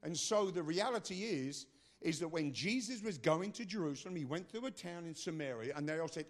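Forceful older preacher man. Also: lively intonation, a little fast. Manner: forceful, swings between loud bursts and low asides. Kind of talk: sermon.

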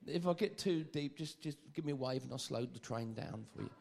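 A man preaching a sermon, lively and joking, often stammering and repeating phrases. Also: mid-range voice, fairly quick, vocal fry.

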